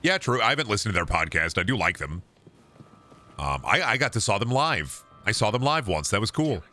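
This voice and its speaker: A male streamer with a bright, sharp voice rants and jokes with his chat while he plays. His talk is loose, full of swearing and running riffs. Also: fairly low pitch, sing-song, fairly quick. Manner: profane, ranting, riffs with chat. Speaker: streamer playing a video game. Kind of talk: casual gaming stream chatter.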